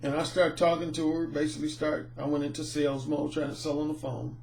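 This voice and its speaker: A middle-aged man, a dating coach, telling a personal anecdote in an animated, storytelling way. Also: a little high, a little fast, vocal fry, a little hiss or hum. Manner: animated, acts out the people in his anecdotes. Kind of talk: storytelling monologue.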